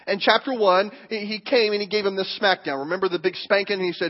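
A man with a very high voice preaches in a church, animated and emphatic as he tells stories. His voice comes through dull and muffled, with a long reverb trailing off the hall. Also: fast talker. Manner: animated, emphatic storytelling with acted quotes. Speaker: pastor. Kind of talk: sermon.

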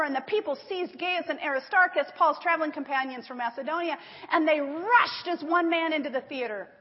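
A woman's voice: sits high, normal speed. A woman teaching a sermon, telling a Bible story and reading scripture aloud with emphasis, using slides. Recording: dull audio in a large reverberant hall.

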